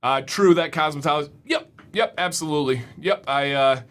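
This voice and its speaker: A man's voice: fairly high pitch, brisk, fairly bright tone. A young man hosting a casual livestream, upbeat, often repeating words as he reads the chat. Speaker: livestream host.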